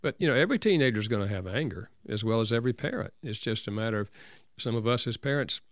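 Gravelly older man telling a story. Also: mid-range voice, animated, fast, no room sound, studio quality. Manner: warm earnest storytelling, gentle laughs. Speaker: counselor and author guest. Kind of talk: conversational interview storytelling.

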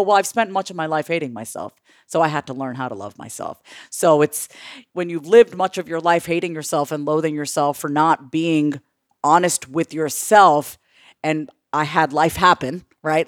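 A middle-aged woman coach talking on a podcast in an animated, blunt way, with casual swearing. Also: lowish voice, no room sound, studio quality. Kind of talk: podcast conversation.

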